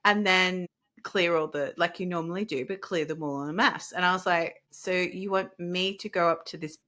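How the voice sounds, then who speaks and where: A woman's voice: lowish voice, moderate pace. A woman host telling a personal story in casual conversation, acting out the voices of the people in it. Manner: animated, acts out quoted voices. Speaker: podcast host and energy healer.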